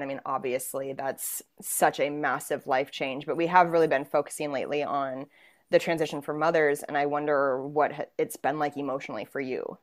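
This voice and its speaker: A young woman hosting a podcast interview in casual chat, enthusiastic and quick to laugh. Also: low-pitched. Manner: lively, laughs often, enthusiastic. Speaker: podcast host.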